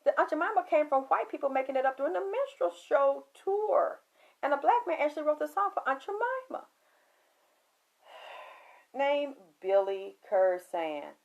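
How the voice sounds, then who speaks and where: A woman telling a spiritual story in an emphatic, preachy, profane monologue that swings from loud to hushed. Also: high-pitched, sing-song, moderate pace, muffled recording. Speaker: spiritual talk host.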